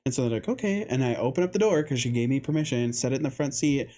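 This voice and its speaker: A man co-hosting a podcast in casual chat, telling an animated story, laughing often and acting out what other people said. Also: medium pitch, very fast. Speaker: podcast co-host.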